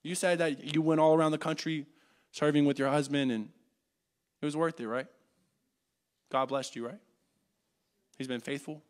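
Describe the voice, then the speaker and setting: Earnest young man preaching, swinging loud and hushed. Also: a little high, fairly even intonation, normal speed, pauses often. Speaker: church class teacher. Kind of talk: sermon. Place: church classroom.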